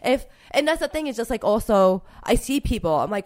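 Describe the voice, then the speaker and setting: A woman's voice: on the high side, sing-song, a little fast, a little mellow. A young woman being interviewed about her street art, talking in a casual, emotional way full of fillers.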